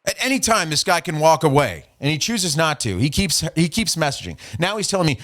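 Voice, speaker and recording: A man's voice: a little high, big pitch swings, brisk, few pauses, fairly bright tone. A man hosting a podcast, casually recounting an online argument in a profane, trolling way and reading messages aloud. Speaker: podcast host. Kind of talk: casual storytelling.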